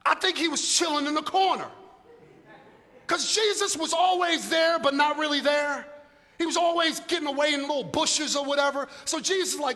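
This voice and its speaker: High animated preacher in an echoing hall. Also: male voice, normal speed. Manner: animated, humorous, conversational, shouting for emphasis. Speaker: pastor. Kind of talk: sermon. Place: church hall. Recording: long echo of a large hall.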